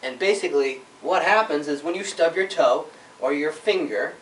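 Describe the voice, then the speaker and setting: Chiropractor lecturing in an echoey room. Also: male voice, fairly high pitch, normal speed, slight background noise. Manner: conversational, keeps checking in with "all right?" and "right?"; animated storytelling with sound effects. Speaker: chiropractor giving a workshop. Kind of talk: informal health workshop talk. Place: office room with a small audience. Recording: echoey room, mic at a distance.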